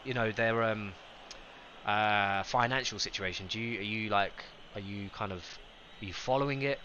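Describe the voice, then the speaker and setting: A young man streaming a football game live, chatting excitedly with viewers and reacting to the match. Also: fairly low pitch, normal speed, lo-fi sound, slight background noise. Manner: excitable, chatty, greets chat by name.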